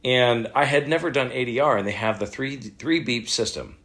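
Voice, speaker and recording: A middle-aged man, a voice actor, telling a story in a casual interview, animated and laughing as he acts out what others said. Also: mid-range voice, moderate pace. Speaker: voice actor guest.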